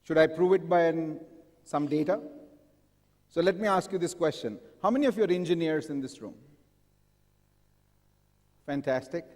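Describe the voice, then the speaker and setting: A man speaks in a fairly high voice to a live audience in a large hall. He often stops to ask the crowd questions. A long reverb trails after his words. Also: normal speed, pauses often, darkish tone. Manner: engaging, asks the audience frequent questions. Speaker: conference speaker. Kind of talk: live conference talk.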